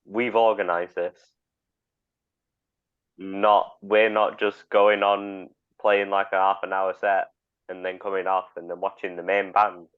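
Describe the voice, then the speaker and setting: A teenage band member speaks bluntly and swears casually. His voice sits low, and the recording is dull and muffled. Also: little pitch movement, unhurried, clean tone. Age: teens.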